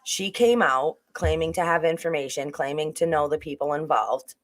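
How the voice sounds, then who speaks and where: Speaking at a normal speed and a middle pitch, a livestream host works through a true-crime case in a loose, meandering fashion. Sentences often get restarted, and the host pauses to respond to the chat.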